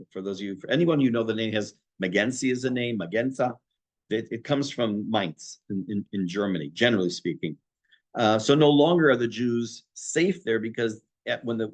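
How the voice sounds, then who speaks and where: A middle-aged man, a rabbi, teaching a history class in a conversational way, pausing for asides to his listeners. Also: medium pitch. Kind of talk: informal history lecture.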